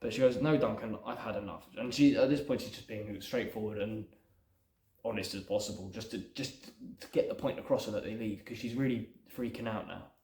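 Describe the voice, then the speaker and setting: A man's voice: lowish voice, brisk, a little mellow, roomy sound. Rambling man talking through his script. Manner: rambling, thinks aloud with many fillers. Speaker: aspiring screenwriter. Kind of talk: casual script breakdown.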